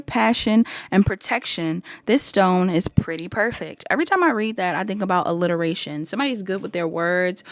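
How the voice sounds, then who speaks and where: In a casual pick-a-card session, a talkative female tarot reader addresses her viewers directly, her voice middle-pitched. Laughing at herself often interrupts her, and the recording is close and dry, free of any room echo.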